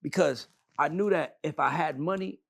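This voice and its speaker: An adult man, a music manager appearing as a podcast guest, tells his life story bluntly and emphatically, swearing freely. His fairly high voice is gravelly and moves at normal speed. The recording is clean studio sound with no room echo.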